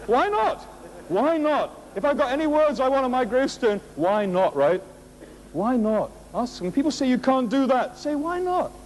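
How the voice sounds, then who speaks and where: A man, a motivational speaker, giving a jokey, animated speech to an audience, full of rhetorical questions and laughing at his own stories. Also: very high-pitched, a little hiss or hum, rough recording. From England.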